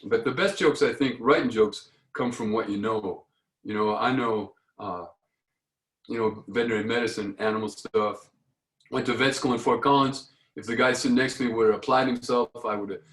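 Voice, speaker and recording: A man's voice: mid-range voice, a bit bright, reverberant, poor audio. A middle-aged man, a veterinarian, telling jokes and stories on a video call in a folksy, self-deprecating way with many stammered restarts. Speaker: guest speaker, veterinarian and joke writer. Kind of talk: stand-up comedy talk over video call.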